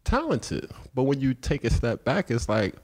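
A man with a Philadelphia accent, telling stories as a podcast guest and acting out the voices of people he quotes. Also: moderate pace. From South Philadelphia. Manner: animated storyteller acting out quoted voices, often high-pitched. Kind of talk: storytelling in a podcast interview.

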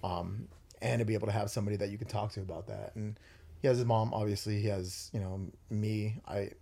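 A man's voice: lowish voice, fairly even intonation, brisk, gravelly, dark tone. A young man hosting a podcast, talking earnestly with many fillers and restarts. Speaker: podcast host. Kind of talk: casual chat.

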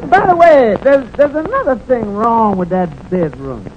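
A man's voice: very high voice, sing-song, a little slow, heavily acted. A man playing a sarcastic tavern waiter in a 1940s radio sitcom, trading dry comebacks. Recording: noisy dull 1940s radio transcription.

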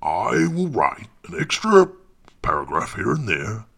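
A man's voice: lowish voice, wildly swooping pitch, measured pace, creaky, fairly bright tone, slightly rough, exaggerated voice. An actor playing a pompous, self-important male writer who rambles and talks down to people while recording his audiobook. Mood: grandiose. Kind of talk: comic monologue.

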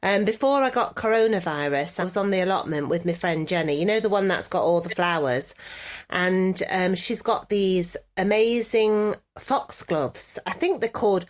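A woman's voice: fairly low pitch, moderate pace. A woman co-hosting a podcast, chatting casually and rambling through a story while laughing easily. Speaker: podcast co-host. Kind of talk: casual chat.

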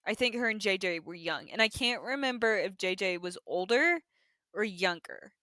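A woman's voice: medium pitch, moderate pace, no echo. A young woman co-hosting a podcast, animatedly recapping a TV episode in casual chat, peppering her story with "like". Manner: animated storyteller, heavy use of "like". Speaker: podcast co-host.

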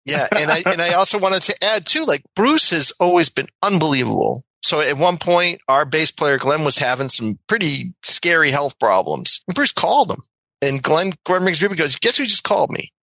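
A man from the United States, a guest telling a story in an animated way, acting out voices and laughing as he goes. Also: fairly high pitch, normal speed, dry recording, poor audio. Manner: excitable, acts out voices, laughs mid-story.

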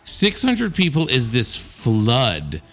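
A man's voice: medium pitch, huge pitch swings, slow, a bit bright, faint music behind. A man hosting a casual interview, adding short affirmations and reflective asides. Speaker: host.

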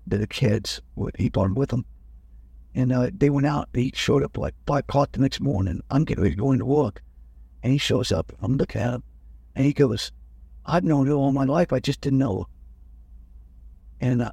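An older man tells family stories in a relaxed, meandering way. He stops to restart sentences as he goes. His voice is gravelly and husky, recorded close with no room sound. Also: mid-range voice, dry recording. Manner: rambling, self-correcting anecdotes. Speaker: guest. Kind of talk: relaxed storytelling in conversation.

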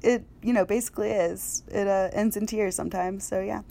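A young adult woman hosting a podcast, telling stories in a chatty, animated way and laughing often. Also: mid-range voice, brisk, vocal fry. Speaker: podcast host. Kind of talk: casual podcast chat.

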